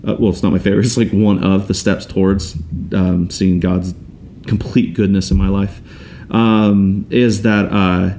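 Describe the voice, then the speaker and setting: Young adult man, lowish voice, loose rambling podcast storyteller. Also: level tone, a little slow, mellow, a little hiss or hum. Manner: rambling, many restarts, acts out quoted voices. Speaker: podcast guest telling his testimony. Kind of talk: casual storytelling.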